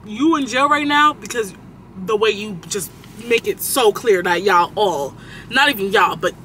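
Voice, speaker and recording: Young male vlogger, high and very bright voice, swears freely and hops between stories while sitting in a car. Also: unhurried, a little hiss or hum, poor audio. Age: young adult. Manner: animated, profane, jumps between topics. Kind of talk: casual storytime while driving. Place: inside a car.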